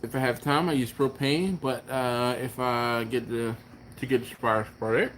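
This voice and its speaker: A man hosting a barbecue channel's live stream, chatting casually and answering viewer comments in a relaxed, rambling way. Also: medium pitch, normal speed, a little hiss or hum. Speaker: BBQ channel host.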